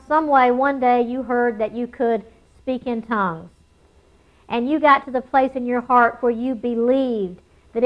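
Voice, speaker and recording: Emphatic high-voiced woman preaching. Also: dull audio. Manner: emphatic, slows and repeats key phrases. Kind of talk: sermon.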